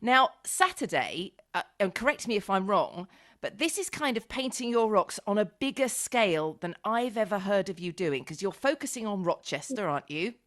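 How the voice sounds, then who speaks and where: Woman radio presenter, animated and encouraging, varied lively pitch. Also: moderate pace. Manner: warm, animated and encouraging with a child guest. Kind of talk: live radio interview.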